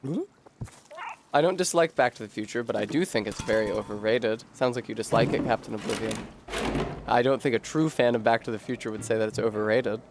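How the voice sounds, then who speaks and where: A man's voice: lowish voice, fairly even intonation, a little fast, noisy background. A man casually rambling and joking while streaming a video game, swearing now and then. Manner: rambling, wry, profane. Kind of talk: casual gaming commentary.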